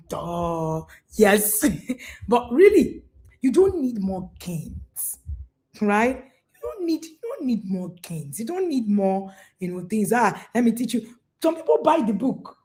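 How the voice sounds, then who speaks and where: Woman coach, animated and emphatic live talk, warm mellow tone. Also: a little high. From Nigeria. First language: Igbo. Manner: animated, emphatic, repeats herself. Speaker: parenting coach.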